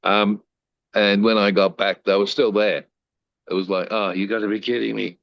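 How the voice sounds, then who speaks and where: An older man with a very deep, low voice tells stories from his life as an interview guest. He slips into the voices of the people he quotes and keeps the anecdotes lively. The sound is dry and a little dull, with no room echo. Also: moderate pace, vocal fry. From Australia. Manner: animated storyteller who acts out quoted lines.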